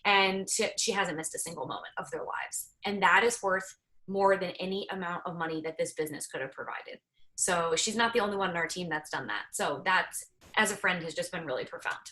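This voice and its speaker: A woman's voice: fairly low pitch, a little fast. Candid woman telling her story. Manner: candid, animated storytelling with laughs. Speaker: network marketing team leader. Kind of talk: casual team call story.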